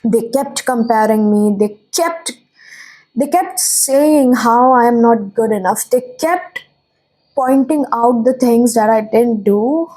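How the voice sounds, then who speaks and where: An earnest young woman from India, a tarot reader, speaking to her viewers in a slightly high, husky voice. She rambles and corrects herself, confiding and emotional, as if opening up to friends. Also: slow pace, dark tone, poor audio. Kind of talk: spiritual channel talk to viewers.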